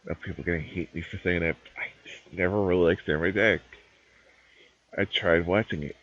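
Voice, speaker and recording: A man's voice: low-pitched, steady tone, a little fast, a bit bright. A man streaming live, chatting casually and rambling through opinions while he games. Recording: dull lo-fi dry stream mic.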